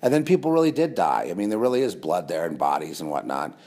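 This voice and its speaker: A man's voice: deep voice, very animated, fast, darkish tone. A man delivering a rambling monologue to camera, sarcastic, with mocking asides. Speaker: conspiracy video host.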